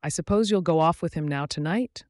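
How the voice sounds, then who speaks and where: Brief: a man reading an indignant, tearful Scottish woman in a dry audiobook, voice pitched up. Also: brisk, darkish tone, no echo, close to an everyday voice. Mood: bitter. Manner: reproachful, sobbing.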